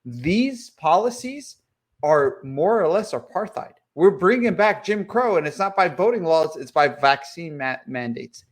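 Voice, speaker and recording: A man's voice: a little high, lively intonation, measured pace. A man co-hosting a political podcast, ranting with lots of swearing and repetition. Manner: profane and worked-up, repeats himself. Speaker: podcast co-host. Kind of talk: heated political podcast chat.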